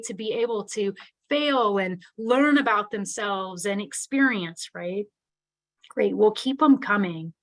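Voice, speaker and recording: A middle-aged woman delivers a webinar keynote in an earnest, conversational way. Her voice sits a little on the high side. She keeps checking in with her listeners. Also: fairly bright tone. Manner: earnest, conversational, tag questions. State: teary-eyed. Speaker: keynote speaker.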